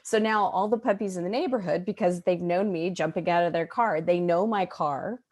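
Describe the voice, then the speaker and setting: A woman hosting a podcast in casual, bubbly conversation, gushing and animated. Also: on the low side, brisk. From Arizona, United States. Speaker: podcast host.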